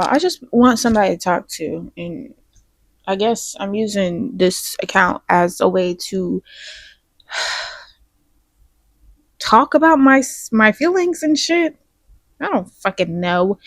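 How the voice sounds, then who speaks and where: A woman's voice: a little high, dry recording. Sniffly young woman rambling from her bed. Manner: rambling, candid, swears, trails off into soft asides. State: sniffly from crying. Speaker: podcast host. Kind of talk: casual confessional vlog. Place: bedroom, in bed. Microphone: small mic plugged into a phone.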